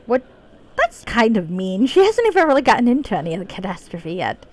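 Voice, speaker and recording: A woman's voice: on the high side, big pitch swings, a little fast, a little mellow. A woman live-streaming a video game, chatting casually, laughing often and reading the game's dialogue aloud in her own voice.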